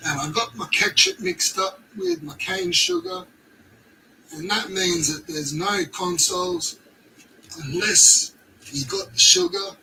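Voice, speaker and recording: A man's voice: high-pitched, huge pitch swings, slow pace, gravelly, pushed and bright, a little hiss or hum, pitched above the performer's own voice, full character voice. A man putting on a muddled, rude male commenter who rambles and swears nonsensically, a little far from the mic. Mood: mock rant.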